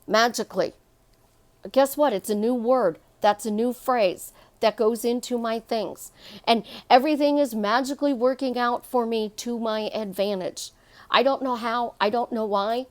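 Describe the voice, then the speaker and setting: Middle-aged woman, life coach, high voice, emphatic and repetitive motivational talk. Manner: emphatic, repeats phrases for effect. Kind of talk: motivational monologue.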